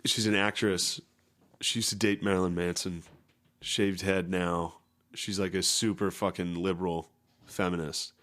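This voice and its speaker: A man's voice: deep voice, level tone, measured pace, fairly bright tone. A man co-hosting a comedy podcast, chatting crudely and laughing while doing mocking voices. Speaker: podcast co-host. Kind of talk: casual comedy podcast banter.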